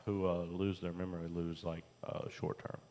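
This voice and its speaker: A man co-hosting a casual chat podcast, talking in a relaxed, halting way that repeats itself. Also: low-pitched. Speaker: podcast co-host.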